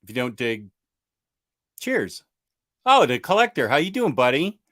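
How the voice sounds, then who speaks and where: A man's voice: mid-range voice, very animated, measured pace, a bit bright. A man hosting a comic book channel, chatting casually and enthusiastically, rambling and answering viewer comments. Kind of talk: casual livestream chat.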